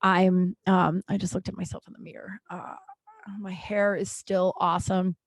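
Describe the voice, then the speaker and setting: A woman hosting a podcast in casual personal chat, talking in an animated, rambling way, swearing freely and getting emotional at times, at home. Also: on the low side, normal speed, no room sound. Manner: emotional, close to tears at times. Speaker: podcast host.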